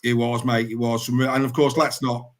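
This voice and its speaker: A man hosting a casual sports chat show, jokey and animated, laughing often. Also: medium pitch, normal speed. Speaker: podcast host.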